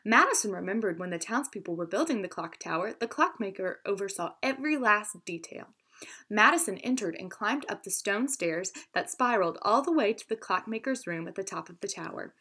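A woman teacher reading a children's story aloud with expression, pausing now and then to explain words. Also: mid-range voice, animated, pushed and bright, husky.

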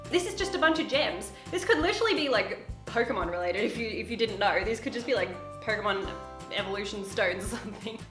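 A woman's voice: medium pitch, animated, quick pace. A young woman YouTuber in casual, bubbly try-on haul chat, often laughing. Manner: bubbly and chatty, often laughing, talks to her pet. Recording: echoey room with background music.

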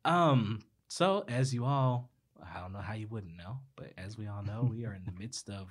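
Lively-pitched man hosting a podcast. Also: normal speed, slightly rough. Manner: animated, laughing, teasing. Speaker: podcast host. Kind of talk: casual podcast chat.

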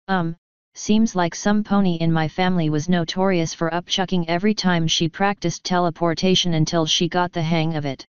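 A woman's voice: on the low side, fairly even intonation, normal speed, clear, resonant tone, no room sound, close to an everyday voice. Woman doing a hesitant young unicorn mare. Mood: sheepish. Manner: hesitant, stammering. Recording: dull lo-fi recording.

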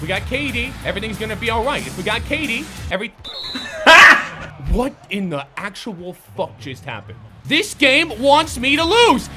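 A high-voiced young man commentating his own basketball video game match. His bright voice jumps wildly between low, tense self-talk and shrill, cursing yells. Soft background music plays under him. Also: sing-song, normal speed. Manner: swings from muttered self-coaching to shouted profane outbursts. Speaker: gaming YouTuber. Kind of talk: live gameplay commentary.

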